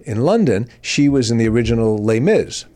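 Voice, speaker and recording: Animated older man telling a story. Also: fairly quick. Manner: animated, acts out quotes with big pitch jumps. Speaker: podcast host. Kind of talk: casual storytelling chat.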